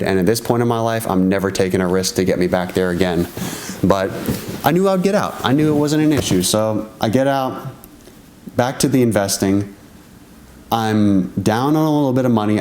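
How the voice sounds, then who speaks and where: A man vlogging, telling a story to camera in a casual, excitable way, swearing freely and calling his viewers "guys". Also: mid-range voice, roomy sound, slight background noise. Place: outdoors at sunrise.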